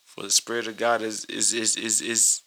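A man's voice: fairly low pitch, flat delivery, normal speed, pushed and bright, rough recording. A man reading scripture and preaching in an informal online sermon, emotional and near tears, repeating words and calling listeners "guys.".

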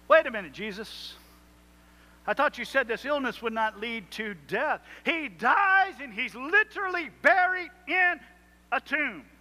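Man, pastor preaching, high voice, bright tone, emphatic rising delivery. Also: lively intonation, a little slow. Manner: preaching with rising emphatic swells and quoted prayers. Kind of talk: sermon.

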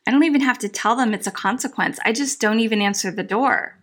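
Firm, instructive woman with a higher voice. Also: quick pace, fairly bright tone. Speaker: self-help coach. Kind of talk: direct-to-camera advice talk.

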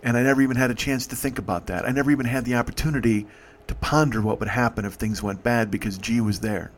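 A man hosting a podcast, telling a personal story in an emotional, profane way, halting and restarting. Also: medium pitch, fairly even intonation. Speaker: podcast host.

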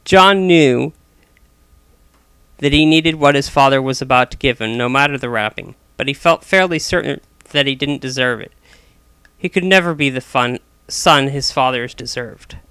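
Guy reading his story out loud, bright crisp voice, dry close sound, restarts a lot. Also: mid-range voice, moderate pace, no echo. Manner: frequent small restarts. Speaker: narrator.

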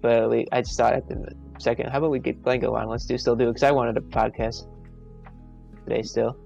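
A man's voice: mid-range voice, little pitch movement, a little fast, gravelly, a little mellow, muffled recording, soft background music. A man co-hosting a live podcast stream, talking casually in long rambling sentences that repeat words. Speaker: podcast co-host.

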